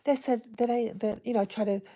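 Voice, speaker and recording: A woman vlogger telling a personal story to her viewers in a hesitant, halting way, with many restarts. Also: a little high, steady tone, dark tone. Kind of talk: casual personal storytelling to camera.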